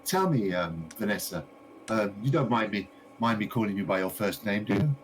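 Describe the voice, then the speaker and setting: A man voicing a fussy middle-aged village shopkeeper woman, chattering and repeating himself in a raised falsetto. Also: animated, moderate pace, a little hiss or hum, natural voice, low-quality recording. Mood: nosy.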